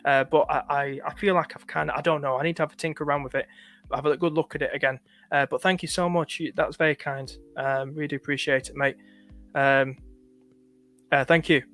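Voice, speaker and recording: A man's voice: a little high, flat delivery, brisk, a bit bright, faint music behind. A man from the north of England with a light northern accent, chatting casually on a live stream, stopping often to thank viewers. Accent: northern English, light. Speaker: livestream host.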